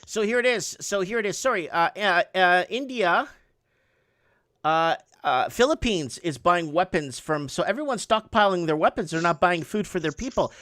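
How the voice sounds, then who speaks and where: A man with a high voice hosts a casual call-in show, rambling through news headlines and pressing his points harder as he goes. The sound is dry and close, with no room around it. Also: animated, moderate pace, sharp tone, no echo. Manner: rambling, reads headlines aloud, rising emphasis. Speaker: host.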